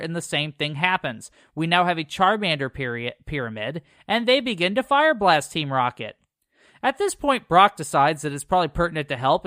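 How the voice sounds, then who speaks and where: A man with a smooth, clear, slightly high voice recaps a cartoon episode for a podcast, mixing a read-through summary with sarcastic jabs. The sound is close and dry, with no room around it. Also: fairly bright tone, dry recording. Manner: sarcastic asides between summary reading.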